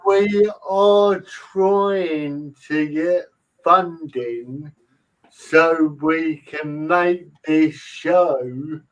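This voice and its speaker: A man hosts a podcast chat, speaking very slowly and haltingly, with lots of fillers. His voice is fairly high and sounds distant from the mic. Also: highs cut off. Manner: slow, halting, many fillers. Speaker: podcast host. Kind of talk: casual podcast interview.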